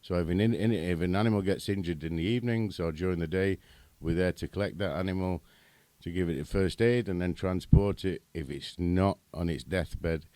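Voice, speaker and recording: A British man speaks in a deep, low voice as a podcast guest. He tells chatty stories and chuckles at them. The sound is dry and close. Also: fairly quick, hardly any pauses, warm tone, no room sound. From Britain. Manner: chatty storyteller, chuckles at own anecdotes. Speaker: guest, runs animal bylaw service. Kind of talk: casual podcast chat.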